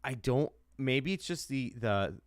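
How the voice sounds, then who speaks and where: A heated American man co-hosting a sports podcast, swearing freely and circling back to the same point over and over. His voice sits at an ordinary pitch and comes through a close, dry mic with no room sound. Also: lively intonation, a little slow, no room sound. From United States. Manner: heated, swears a lot, repeats himself. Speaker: podcast co-host. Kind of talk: profane sports rant.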